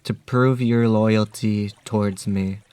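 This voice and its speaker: A man voicing a huge menacing talking wolf, delivering threats in a flat, measured way. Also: fairly low pitch, clean tone, dry recording.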